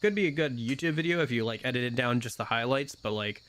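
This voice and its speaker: A man's voice: medium pitch, fast, a bit bright, slight background noise. A man streaming a video game, chatting casually with lots of fillers and wry asides. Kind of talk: casual gameplay commentary.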